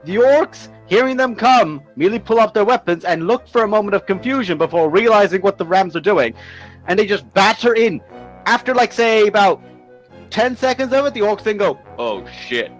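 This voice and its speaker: A man narrates a tabletop game as its game master, pitched high and full of swearing and laughter. Faint music plays behind him. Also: fairly quick, low-quality recording. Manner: laughing, profane, animated storytelling.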